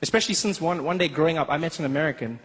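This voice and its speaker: A man from South Africa performing a lively stand-up comedy set, telling stories and slipping into voices. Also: a little high, rapid-fire, in a large hall. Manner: animated, storytelling, lots of voices.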